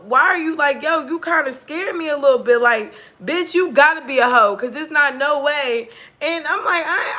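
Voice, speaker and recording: Young woman, casual storytime vlog, candid and profane, bright forceful voice, fairly high. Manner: candid, profane, animated, acts out quoted dialogue. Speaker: tarot channel host.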